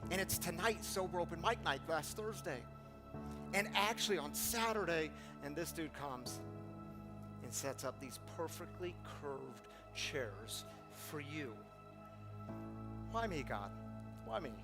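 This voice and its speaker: A man's voice: a little high, a little slow, over loud music. A middle-aged man leading a recovery group, giving an earnest motivational talk with pleading lines he acts out. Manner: earnest, acts out pleading quotes with rising intensity. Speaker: recovery community leader.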